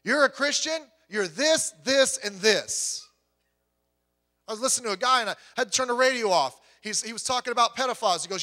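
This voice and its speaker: A man in his fifties preaching a sermon, telling stories with animated voices and swinging from loud to hushed. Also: extremely high pitch, brisk. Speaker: pastor. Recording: long hall reverb.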